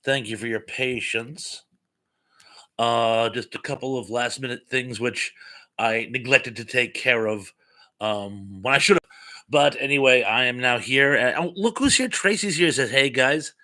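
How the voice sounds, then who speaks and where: A man hosts a loose live stream, greeting viewers by name and reading their comments aloud. His voice is bright and forward, and he sits at a middle pitch for a man. He rambles along with plenty of fillers and little playful asides. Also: unhurried. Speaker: livestream host. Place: home room with some echo. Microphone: streaming mic without headphones.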